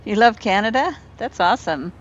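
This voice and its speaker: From her home apartment, a woman chats casually with viewers during a game stream, thinking aloud as she builds. Her mid-range voice is animated and moves at normal speed, though the audio sounds dull.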